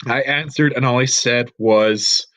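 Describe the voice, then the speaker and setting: A man's voice: unhurried, fairly bright tone, dry recording. Man reading a creepy story aloud, dry. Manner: swears, jumps to high-pitched outbursts. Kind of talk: comedic reading and riffing.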